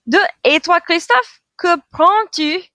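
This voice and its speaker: A woman's voice: extremely high pitch, takes it slowly, pushed and bright, no room sound. A woman teacher explaining a French verb in English and French, drilling forms with repeated prompts. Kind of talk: classroom grammar lesson.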